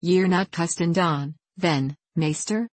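A plain-spoken mill hand talks in thick dialect as a woman reader voices him. The sound is dry and close, with a low-pitched voice. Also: takes it slowly, no echo. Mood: curious. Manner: broad dialect speech.

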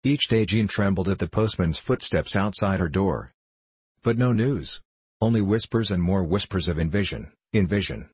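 A man narrating a storybook in a steady, solemn reading manner. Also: low voice, moderate pace, husky, no echo.

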